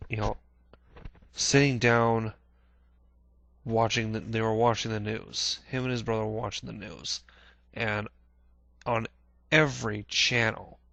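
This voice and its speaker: A man vlogging a casual personal recollection, halting with many restarts, clearing his throat often and swearing casually. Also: fairly low pitch, a bit bright, dry recording. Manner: plain-spoken, swears casually.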